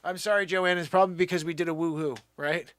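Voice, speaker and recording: A man hosting his nightly live show, joking around and swinging between loud hype and low mutters. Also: steady tone, fast, dry recording. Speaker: host. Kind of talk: comedic live-stream banter.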